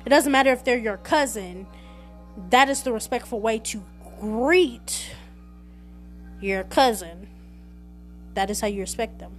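High-voiced woman telling family stories. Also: measured pace, long pauses, soft background music. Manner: animated, chatty, conversational. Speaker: podcast host. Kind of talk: casual storytelling monologue.

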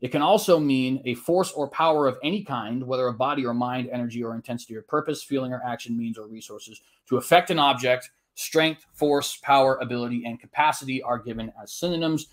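A man making his case in a formal debate, earnest and argumentative, quoting scripture at length and often checking in with a quick tag question. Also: mid-range voice. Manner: frequent tag questions and "uh" restarts.

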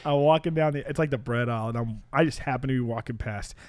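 A man's voice: mid-range voice, quick pace, no room sound. A man co-hosting a podcast, telling a story in casual chat, laughing often and acting out the voices of the people in it. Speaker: podcast co-host.

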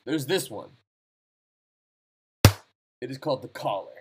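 A man's voice: mid-range voice, expressive, a little slow, heavy background noise. A man casually reading out a short ghost story to a friend, in a laid-back, slangy manner. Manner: laid-back, slangy, reads stories aloud. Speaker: podcast co-host reading stories.

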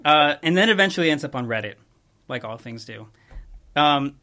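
A young man hosting a podcast, telling a story in casual chat with a laid-back, rambling manner and quick chuckles. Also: fairly high pitch, expressive, bright, forceful tone. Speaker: podcast host.

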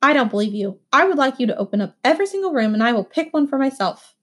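Woman reading demanding male motel guest, complaining, insistent, fairly high voice, audiobook. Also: big pitch swings, fast, a bit bright, full character voice. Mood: displeased.

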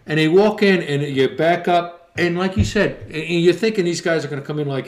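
A man's voice: a little high, fairly quick. A middle-aged man from Boston, rambling and profane as he tells sports stories in casual podcast talk. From Boston area.

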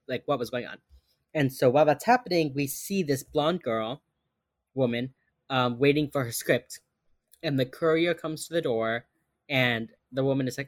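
Dry-voiced woman, animated recap. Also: a bass voice, dry recording. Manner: animated, acts out characters' lines while retelling. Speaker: podcast co-host recapping a TV episode. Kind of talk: casual chat.

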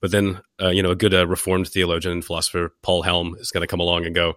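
Deep-voiced male host with a cold. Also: completely flat delivery, fast, a bit bright, no echo, clean studio sound. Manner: jokey, playful impressions. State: has a cold. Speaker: podcast host. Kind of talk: casual discussion.

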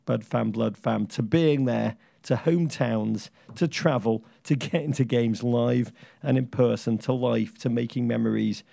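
A man's voice: medium pitch, a little slow, gravelly, hardly any pauses, warm tone, dry recording, studio quality. A man co-hosting a casual podcast chat, wry and theatrical, raising toasts with flourishes. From England. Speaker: podcast co-host.

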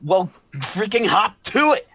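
A man's voice: fairly high pitch, lively intonation, unhurried, fairly bright tone, a little hiss or hum. A man voicing a bossy, short-tempered woman director. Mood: impatient, commanding. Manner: barking orders, exasperated. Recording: dull lo-fi, dry.

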